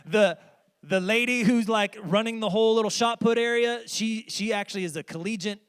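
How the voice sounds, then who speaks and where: High-voiced pastor telling a story. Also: male voice, fairly quick, smooth. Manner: conversational, addresses congregation directly. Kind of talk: storytelling sermon. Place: church sanctuary.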